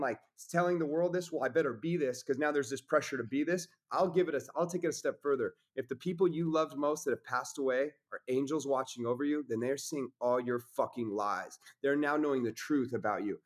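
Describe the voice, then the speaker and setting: Podcast guest, male, mid-pitched, intense, profane, preachy. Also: fairly quick, hardly any pauses. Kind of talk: casual conversation.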